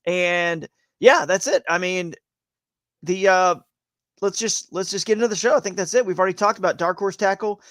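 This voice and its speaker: A man's voice: sits high, normal speed, a bit bright, dry recording. A man co-hosting a live fishing show, chatting casually and rambling with frequent restarts. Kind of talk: casual live-stream chat.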